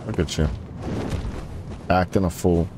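A man's voice: measured pace, noisy background. A man commentating his own gameplay, taunting enemies and his voice shooting up when frustrated. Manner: trash-talks enemies, voice jumping high when frustrated. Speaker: gaming YouTuber. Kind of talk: let's play commentary. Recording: game sounds behind voice.

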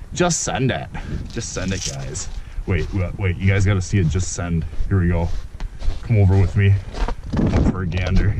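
A man vlogging outdoors in the snow with an action camera, talking excitedly and swearing often as he rambles about his old snowmobile. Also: on the low side, background noise. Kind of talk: casual outdoor vlog.

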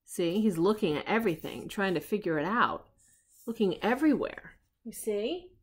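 A woman's voice: medium pitch, expressive, normal speed, husky. An older woman and grandmother reading a storybook aloud, stopping to explain the story to children with questions. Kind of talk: storybook read-aloud with asides.

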